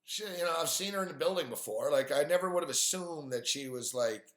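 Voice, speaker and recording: A man's voice: fairly high pitch, animated, a little fast, fairly bright tone, reverberant. A man hosting a live stream, telling an exasperated, profane story with lots of fillers. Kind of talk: profane ranting monologue.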